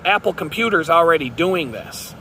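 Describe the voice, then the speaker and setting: A man's voice: fairly high pitch, lively intonation, normal speed, sharp tone, a little hiss or hum. A man who vlogs, ranting casually to the camera in a sarcastic, mocking, rambling way, recorded outdoors in a town. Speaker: vlogger.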